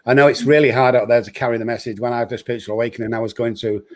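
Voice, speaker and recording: A man hosting a recovery talk, telling stories in a lively way and acting out the voices of the people he quotes. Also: mid-range voice, racing. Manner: lively storyteller who acts out quoted voices. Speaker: host and recovery speaker. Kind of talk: storytelling in casual conversation.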